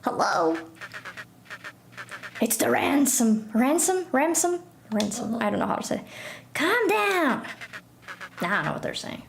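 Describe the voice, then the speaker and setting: A young Portuguese woman chats and giggles her way through a live game stream. Her medium-pitched voice is gravelly, moving at a moderate pace with frequent pauses. The room sounds echoey, with faint background noise.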